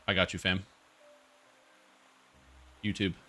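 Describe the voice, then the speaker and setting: Male streamer, casual rambling chat, lowish bright voice, faint music bed. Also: flat delivery, slow. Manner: rambling, chuckles often, talks to his cat.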